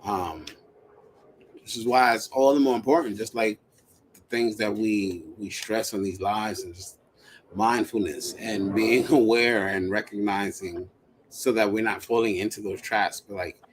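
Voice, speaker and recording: A man's voice: lowish voice, steady tone, unhurried, a little hiss or hum. A man hosting a live stream, chatting casually, laughing often and talking in a reassuring way.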